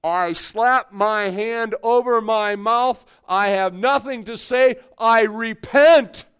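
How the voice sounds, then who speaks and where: A preacher voicing Job, a suffering man loudly demanding an answer from God, in a sermon. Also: high-pitched, takes it slowly, smooth. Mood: repentant. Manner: loud, pleading demands to God. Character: Job, suffering man, defiant then humbled.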